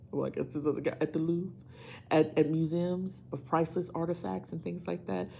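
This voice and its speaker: A woman's voice: deep voice, level tone, normal speed, vocal fry, mellow, slight background noise. A woman doing a tarot reading, speaking emphatically and repeating phrases to drive her points home. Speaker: tarot reader.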